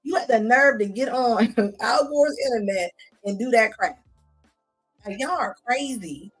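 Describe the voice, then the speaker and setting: A woman's voice: a little high, a little slow, husky, soft background music. Blunt, mocking woman streamer. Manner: blunt, mocking, laughs often. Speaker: commentary streamer. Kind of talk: casual reaction commentary.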